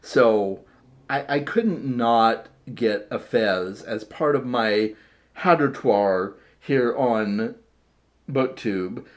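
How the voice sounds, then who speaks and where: Talking casually to his camera, a vlogger shows off his hat collection in a middle-pitched voice. He speaks extremely slowly, chatty and rambling, repeating words and making self-deprecating asides.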